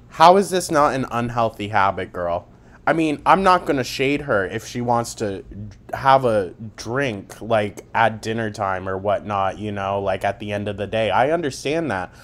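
A man's voice: fairly low pitch, expressive, a little slow, a bit bright. A man giving a sarcastic, mocking commentary, with plenty of swearing. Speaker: commentary YouTuber. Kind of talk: commentary vlog.

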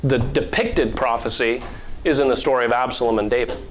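A male pastor preaching a sermon in an earnest, conversational way, with fillers and soft chuckles. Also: mid-range voice, fairly quick, a little hiss or hum.

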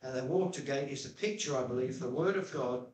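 Pastor preaching in an echoey church. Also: male voice, fairly quick, darkish tone. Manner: chatty storytelling preacher, jumps to high pitch when quoting himself. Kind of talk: sermon. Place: church hall. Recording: echoey church room, mic at a distance.

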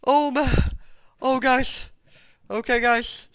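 Gameplay commentary, excitable, repeats exclamations, unhurried delivery, smooth tone. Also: high voice, dry recording, clean studio sound. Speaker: gameplay video host.

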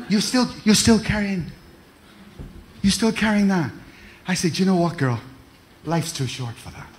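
A middle-aged pastor preaches a sermon in a high-pitched voice with lively intonation, taking his time and pausing often. He calls out to the congregation in call-and-response style, repeating words and stumbling into restarts. A faint hiss or hum sits under the recording.

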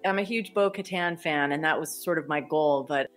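A woman's voice: low-pitched, moderate pace, faint music behind. A woman voice actor chatting enthusiastically as a podcast guest, laughing often. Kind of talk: casual podcast interview.

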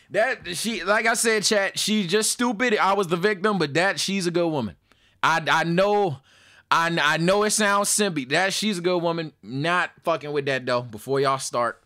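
A young man telling a high school story in a casual, animated monologue, swearing freely and talking straight to his chat. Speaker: storytelling streamer.

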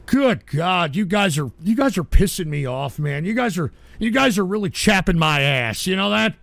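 High-pitched gravelly man ranting. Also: animated, moderate pace, no room sound. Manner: exasperated, shouts at trolls in chat. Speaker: radio show host. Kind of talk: ranting livestream talk.

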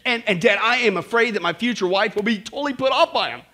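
A man's voice: high voice, lively intonation, fast, bright, forceful tone, exaggerated voice. A man voicing a nervous young groom who stammers while confiding in his father. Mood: worried. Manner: hesitant, stammering.

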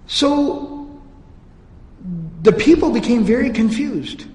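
A man's voice: high voice, animated, fast talker. A man giving a religious history lecture, telling the story earnestly and reciting Arabic passages. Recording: echoey hall reverb.

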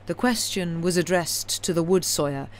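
Steady woman reader, live-streamed novel narration. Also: sits low, normal speed. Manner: steady reading with small slips corrected aloud. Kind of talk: reading a classic novel aloud on a live stream.

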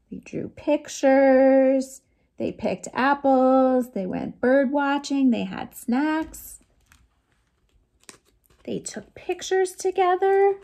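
A woman librarian reading picture books aloud to children, chatting with them playfully and voicing the sound effects. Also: darkish tone. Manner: playful, chats with young listeners; voices sound effects with big pitch jumps. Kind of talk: children's storytime read-aloud.

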